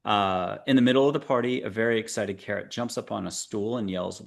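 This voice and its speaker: A man hosts a spiritual talk show, leading guests and listeners through breathing and visualizations. He is playful and coaxing, slipping in dad jokes between calm guidance. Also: lowish voice, brisk, gravelly. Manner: playful, jokey, coaxing guide. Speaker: show host. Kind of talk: guided meditation talk show.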